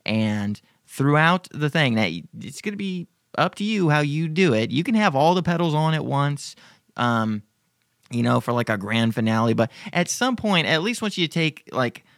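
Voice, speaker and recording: Male podcast host, gravelly voice, dry close sound, swears freely while reading listener emails. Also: on the high side, sing-song, normal speed, a bit bright, no room sound. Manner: profane, rambling, joking. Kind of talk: casual Q&A chat.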